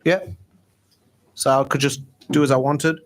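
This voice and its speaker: A man, a rabbi, giving an informal, chatty talk on prayer and meditation at a gathering, lively and self-mocking. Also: medium pitch, a little slow, a little hiss or hum.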